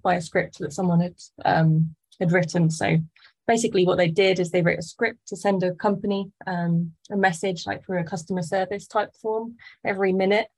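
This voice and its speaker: A woman's voice: fairly low pitch, creaky, slightly rough, rough recording. A woman working as a product manager, explaining things casually as a podcast guest. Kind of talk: podcast interview.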